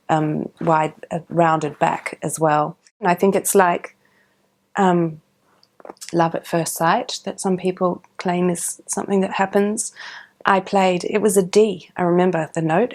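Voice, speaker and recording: A middle-aged woman tells her story in a relaxed interview. Her voice sits on the lower side, and she talks with many ums and small restarts. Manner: warm, animated, with frequent ums and restarts. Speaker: professional orchestral cellist.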